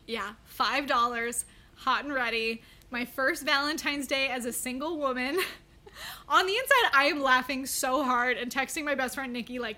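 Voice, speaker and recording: A woman's voice: sits high, normal speed, pushed and bright. A young woman coaching on content, telling a wry story to camera with frequent laughter. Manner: chatty and wry, laughing often.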